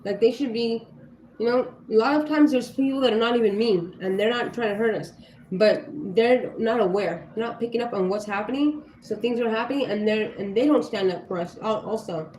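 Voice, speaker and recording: Her voice leans high, fairly quick and a little mellow as she livestreams casual talk. A parent of young kids, she's blunt and fired up, swearing often and saying "like" and "you know" a lot. An echoey room with faint background noise frames the audio.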